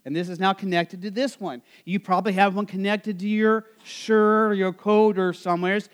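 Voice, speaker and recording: Clear and resonant, the high voice of a pastor from Nebraska, USA, moves at a moderate pace with fairly even intonation. His sermon at the church service is casual and filler-heavy, with frequent questions aimed at the congregation.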